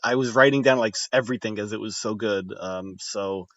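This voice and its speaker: A man's voice: fairly low pitch, a little fast, a bit bright, no room sound, lo-fi sound. A man co-hosting a casual chat, rambling and hesitant, often trailing off mid-thought. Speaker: podcast co-host.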